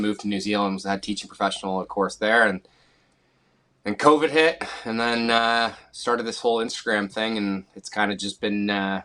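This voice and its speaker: A man from Canada in his thirties chats on a podcast about his own path. His voice sits low but rings bright and forceful. He talks in an easygoing way, with loose fillers as he goes. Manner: relaxed, easygoing storytelling with fillers. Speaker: guest golfer. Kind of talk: casual podcast chat.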